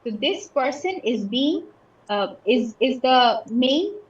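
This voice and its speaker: A woman's voice: high voice, animated, slow, highs cut off. Patient woman teaching English in an echoey room. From Bangladesh. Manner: patient, explains with many examples and checks understanding. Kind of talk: online class lesson.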